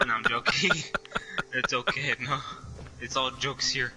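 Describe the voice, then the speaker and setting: A man's voice: mid-range voice, flat delivery, takes it slowly, sharp tone, a little hiss or hum, rough recording. A man chatting while playing a game with a friend, teasing him and laughing often. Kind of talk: casual gameplay chatter.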